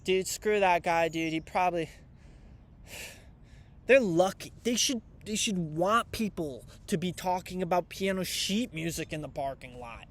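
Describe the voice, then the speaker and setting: A man's voice: high voice, unhurried. A young man rambling casually and irreverently to camera in a vlog, with many fillers. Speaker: vlogger reviewing piano books. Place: outdoors.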